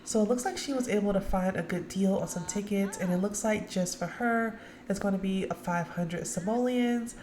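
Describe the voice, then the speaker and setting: A woman's voice: mid-range voice, moderate pace, darkish tone. A woman casually narrating her gameplay, chatting directly to her viewers. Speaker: let's play narrator. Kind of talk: casual game commentary. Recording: echoey room.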